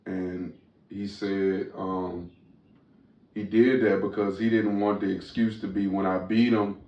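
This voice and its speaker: A man's voice: low voice, level tone, unhurried, darkish tone. A man hosting a podcast in loose casual chat, talking with frequent fillers and restarts. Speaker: podcast host. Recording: roomy, distant, dull sound.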